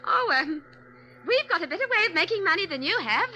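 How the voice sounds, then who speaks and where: 策略家のギャングの情婦. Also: female voice, very high voice, big pitch swings, brisk, bright, forceful tone, muffled recording, slight background noise, exaggerated voice. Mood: scheming. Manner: coaxing, theatrical. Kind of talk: 1940s radio acting.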